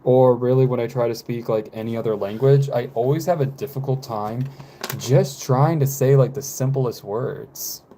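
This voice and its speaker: Halting twenties man, mellow voice. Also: mid-range voice, a little hiss or hum. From United States. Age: 20s. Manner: rambling, halting, with many fillers and pauses. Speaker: live streamer. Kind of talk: casual live-stream chat.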